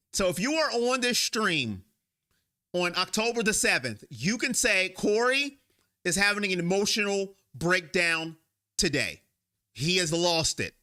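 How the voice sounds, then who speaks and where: A man's voice: high-pitched, pushed and bright. A man hosting a sports fan live stream, emotional and rambling as he vents and talks straight to viewers on his own microphone.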